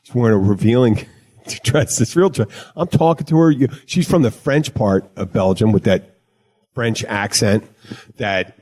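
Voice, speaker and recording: A man's voice: on the low side, animated, a little slow, a little mellow. Guy hosting a podcast, casual rambly storytelling, keeps cutting himself off, cracks jokes. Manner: rambling, jokey, self-interrupting. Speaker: podcast host, bartender. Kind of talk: casual chat.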